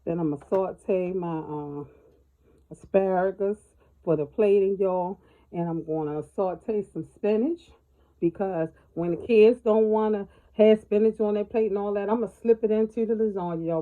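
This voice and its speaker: A woman's voice: lowish voice, narrow, tinny audio, slight background noise. Chatty middle-aged woman cooking at home. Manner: folksy, chatty, keeps addressing viewers as y'all. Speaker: home cook. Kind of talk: cooking tutorial. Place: home kitchen.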